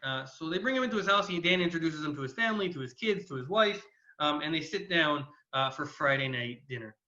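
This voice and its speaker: A man's voice: on the high side, a little fast, reverberant. A male educator telling a story to a class, acting out the characters' lines with plenty of fillers and restarts. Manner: animated, acts out characters' lines. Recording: dull lo-fi sound.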